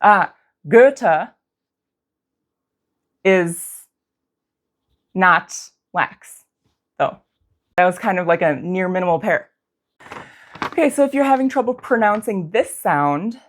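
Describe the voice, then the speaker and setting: Slow, careful woman teaching pronunciation. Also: on the low side. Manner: slow, careful demonstration of vowel sounds. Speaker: language teacher. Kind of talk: pronunciation lesson.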